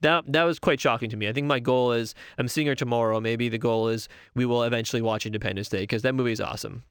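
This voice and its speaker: A man's voice: medium pitch, steady tone, fast, fairly bright tone, clean tone, no echo, clean studio sound. A young man chatting casually and enthusiastically on his own, rambling and correcting himself as he goes. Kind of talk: casual solo talk about favorite movies.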